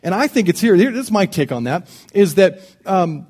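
A middle-aged man preaching a sermon as pastor, telling personal stories and swinging from loud, animated bursts to soft, intimate passages. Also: high-pitched, normal speed.

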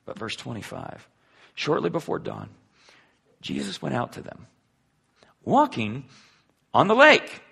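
A man preaching a sermon in a conversational way, asking the listeners rhetorical questions and swinging between loud and hushed delivery. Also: medium pitch, huge pitch swings, measured pace, vocal fry, pauses often, breathy edge. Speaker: pastor.

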